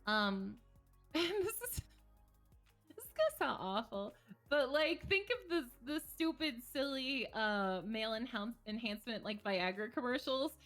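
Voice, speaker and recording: A woman's voice: on the high side, sing-song, a little slow, a bit bright, soft background music. A woman therapist, a streaming guest, talking candidly about mental health with frequent laughter and jokes. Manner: candid, joking, laughs often. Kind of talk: livestream conversation.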